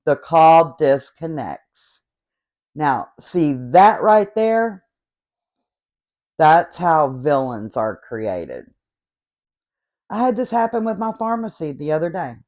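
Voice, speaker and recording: Sarcastic and exasperated, an accented host in her late fifties tells stories for a comedic rant. She speaks slowly and pauses often, her deep, slightly mellow voice very animated. The accent is a noticeable regional one.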